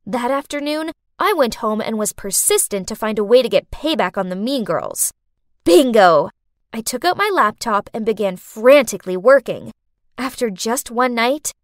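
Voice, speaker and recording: High, lively woman storyteller. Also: no echo, studio quality. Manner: expressive, sassy. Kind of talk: dramatic first-person story narration.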